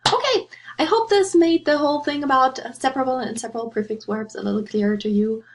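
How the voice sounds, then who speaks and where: Woman language teacher, patient and clear, walks learners through grammar slides. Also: sits high, slight background noise. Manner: patient, clear, with frequent "okay" and "um"; slows down to pronounce German examples. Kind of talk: recorded slide lesson.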